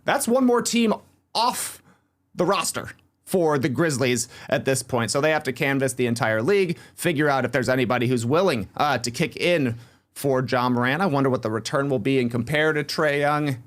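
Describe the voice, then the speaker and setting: A man co-hosting a sports podcast, laying out his analysis in a steady, explanatory way. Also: medium pitch, moderate pace. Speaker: podcast co-host.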